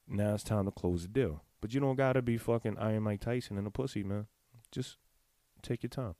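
A man in a casual, candid monologue, talking straight to his viewers in blunt, profane slang and clearing his throat now and then. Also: on the low side, fairly quick, mellow, no echo, studio quality. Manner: confessional, speaks to the audience directly. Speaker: vlogger giving sex advice.

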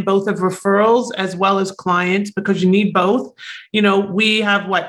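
A man guest on a podcast with a hoarse, raspy voice, talking eagerly and promoting his work over a call. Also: high-pitched, fairly bright tone. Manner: eager, self-promoting, talks in quick bursts. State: hoarse after illness. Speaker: podcast guest, real estate referral agent. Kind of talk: casual interview talk.

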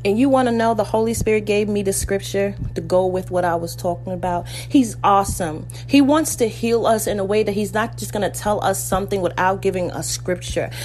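A woman's voice: medium pitch, fairly quick, hardly any pauses, a little mellow, faint music behind. A woman preaching a sermon, fervent and personal, acting out biblical voices as she retells scripture.

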